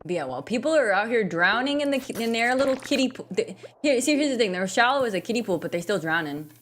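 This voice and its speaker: A woman's voice: fairly high pitch, lively intonation, quick pace. Rambling, jokey young woman gamer. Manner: rambling, jokey, self-deprecating. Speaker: gaming streamer. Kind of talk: casual gameplay commentary.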